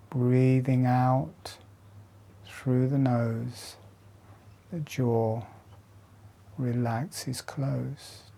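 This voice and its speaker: A man slowly guiding a breathing meditation with soft, calm instructions and long pauses. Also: medium pitch, slight background noise. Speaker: breathwork teacher. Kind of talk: guided meditation.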